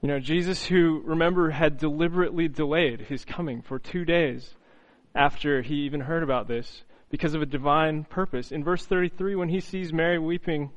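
A man preaching an earnest, reflective sermon, often pausing on "you know" and restarting phrases. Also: a little high, steady tone, low-quality recording.

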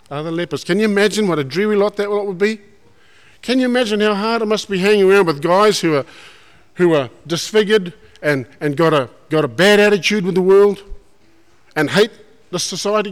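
High-voiced New preacher in a reverberant hall. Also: male voice, clean tone. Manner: folksy, animated storytelling with questions to the congregation. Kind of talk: sermon.

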